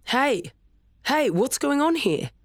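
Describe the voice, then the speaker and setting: A narrator voicing a worried father who tries to calm his family in an audiobook. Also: medium pitch, moderate pace, dry recording, studio quality, voice pushed up, lightly acted. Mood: alarmed. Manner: urgent then gentle, affectionate. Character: worried father, calling out and soothing.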